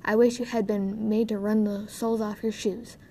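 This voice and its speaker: A woman voicing a rude, shrill old male dwarf in a storybook reading, snapping and scolding. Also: level tone, normal speed, warm tone, slight background noise, natural voice. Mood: angry scolding.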